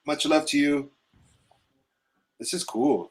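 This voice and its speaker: A man chats loosely on a live stream, slightly high-pitched and stuffy from allergies. He rambles through shout-outs and swears freely, keeping the talk casual. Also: steady tone, unhurried, pauses often. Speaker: host.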